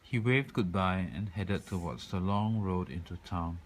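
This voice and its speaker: A man reading a children's picture book aloud in a calm, expressive way. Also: low voice, measured pace, a little hiss or hum, low-quality recording. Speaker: storyteller.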